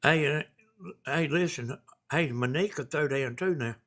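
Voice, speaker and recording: A man's voice: a little high, moderate pace, a bit bright. Folksy Southern man chatting on a live stream. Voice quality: folksy, rambling, chuckling. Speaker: live stream host reading viewer messages. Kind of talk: casual live stream chat.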